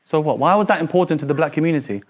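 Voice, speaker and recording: Talking very fast, a male teacher with a high voice gives an animated classroom lecture. Again and again he challenges his students with "so what?" and "why is that important?"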